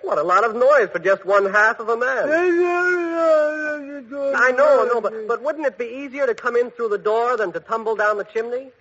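A breezy joking young hero, bright high voice, dull old radio with hiss. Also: male voice, normal speed. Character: fearless cheeky young hero Bud, a boy. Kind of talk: 1940s radio acting.

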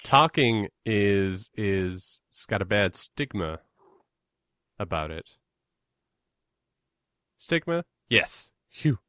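A man with a fairly low voice muses through a casual chat, halting and restarting his words as he goes. The sound is dry, with no room around it, and he talks in an easy back-and-forth. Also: very animated, a bit bright, clear, resonant tone, dry recording.

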